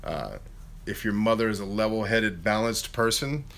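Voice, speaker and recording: A man in his thirties hosting a casual live Q&A, chatting in an animated way and reading out viewer questions. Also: on the low side, moderate pace, gravelly. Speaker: YouTube host answering live chat.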